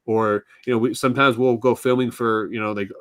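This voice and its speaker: A man co-hosts a casual podcast chat, talking in long, looping stories. His voice is mid-pitched and dry, with little room sound. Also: fairly even intonation, a little fast, dry recording. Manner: rambling, chatty storyteller. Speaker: podcast co-host.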